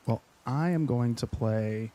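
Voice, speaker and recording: Mellow-voiced male stream host. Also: mid-range voice, takes it slowly. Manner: enthusiastic, effusive praise. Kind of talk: casual live stream chat.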